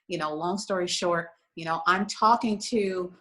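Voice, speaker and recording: A woman's voice: fairly low pitch, normal speed, fairly bright tone, poor audio. A woman guest on a talk show, sharing an emotional story in an earnest, conversational way, with frequent "you know" fillers. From United States. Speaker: guest, lingerie shop owner.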